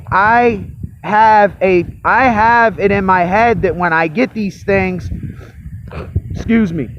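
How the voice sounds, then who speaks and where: A man speaking loud into a phone held in his hand, pushing his voice as he gives a reflective monologue. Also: high voice, slight background noise. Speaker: vlogger. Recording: lo-fi phone recording.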